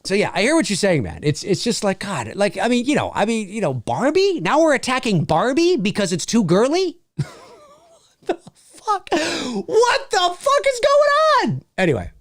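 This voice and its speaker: A man's voice: sits high, huge pitch swings, a little fast, no room sound, studio quality. A man hosting a casual livestream Q&A, reading viewer comments aloud, swearing freely and laughing often. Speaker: channel host answering viewer questions.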